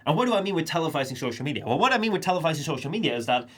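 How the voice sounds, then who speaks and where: Fast-talking man musing aloud to chat. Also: on the high side, big pitch swings, slightly rough. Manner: rambling, thinking aloud. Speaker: streamer. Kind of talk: casual monologue to live chat.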